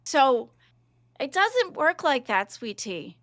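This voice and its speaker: A high-voiced woman, a regular on a livestream show, talks in a heated, emphatic way. Her voice is bright and edged and goes squeaky when she gets loud. The sound is dry and close. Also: big pitch swings, takes it slowly, dry recording. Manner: worked-up, emphatic ranting. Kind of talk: livestream reaction chat.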